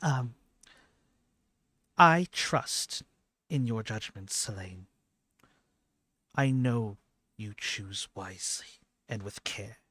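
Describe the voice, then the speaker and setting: A man voicing a calm, courteous female noble who speaks in a polite, formal way. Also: on the low side, extremely slow, pauses often, no room sound, exaggerated voice.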